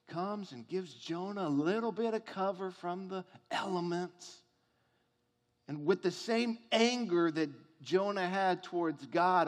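Pastor preaching, slow and drawn out, highish voice, long church echo. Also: male voice. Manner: storytelling, rhetorical questions, builds to emphatic peaks. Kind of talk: sermon.

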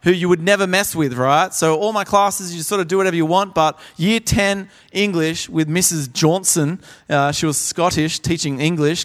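High-voiced preacher in a hall. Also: male voice. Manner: animated storyteller, acts out voices. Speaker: pastor. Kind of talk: sermon. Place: large conference hall.

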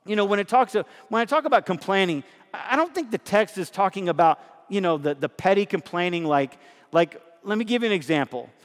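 Pastor, middle-aged man, chatty sermon delivery with questions to the church, higher voice, hall reverb. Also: animated, a little fast. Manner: conversational preaching with rhetorical questions to the congregation.

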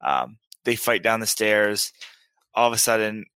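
A man's voice: fairly low pitch, lively intonation, measured pace, sharp tone, clean tone, no echo. A man co-hosting a casual podcast, recapping at length with lots of fillers and laughter. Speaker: podcast co-host. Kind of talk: casual chat.

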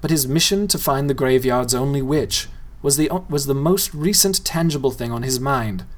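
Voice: mid-range voice, moderate pace. A playful reader narrating a novel aloud and addressing the listener directly. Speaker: storyteller.

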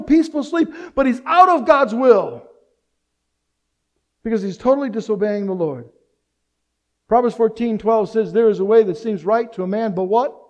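Middle-aged male pastor with a high voice, preaching with energy and humor. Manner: animated preaching with rhetorical questions and humor. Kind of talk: sermon.

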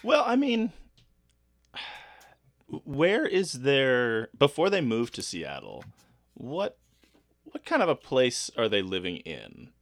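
A man's voice: mid-range voice, huge pitch swings, takes it slowly, long pauses, no room sound. A man co-hosting a casual chat podcast, teasing with dry humor. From Canada. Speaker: podcast co-host.

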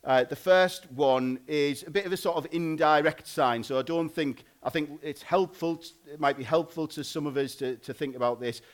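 A married man preaching a sermon in a loose, conversational way, often pausing and restarting. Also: a little high. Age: adult, married. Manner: informal, conversational, frequent "like" and restarts.

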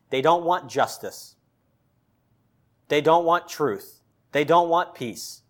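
A male pastor with a slightly high voice preaches a sermon emphatically, hitting loud peaks and putting pointed questions to the congregation.

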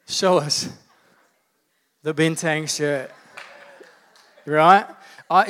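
A man's voice: high-pitched, fairly bright tone. A male pastor with an Australian accent, preaching a sermon in a casual storytelling way with humour and asides to the congregation.

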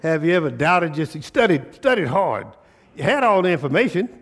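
In this sermon, a male pastor speaks in a loose, conversational dialect and keeps call-and-response going with his congregation via rhetorical questions. His slightly high male voice is a bit bright, swings widely in pitch, and runs a little fast. It rings out across a church hall, leaving a long reverb tail.

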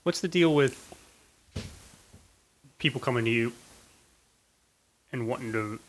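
A man's voice: mid-range voice, a little slow, slight background noise, rough recording. A man co-hosting a podcast, telling stories in a casual, wry and rambling way. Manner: wry, reluctant, rambling storyteller. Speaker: podcast co-host. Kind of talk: casual banter.

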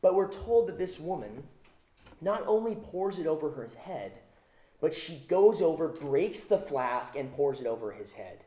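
Male pastor, mellow voice slightly high, emphatic sermon delivery, roomy echo. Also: big pitch swings, measured pace. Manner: emphatic, repeats phrases for stress.

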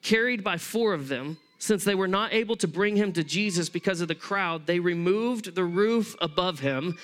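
A man preaching a sermon as pastor, conversational and animated, acting out the people in the story as he tells it. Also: sits high, normal speed. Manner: acts out voices of people in the story.

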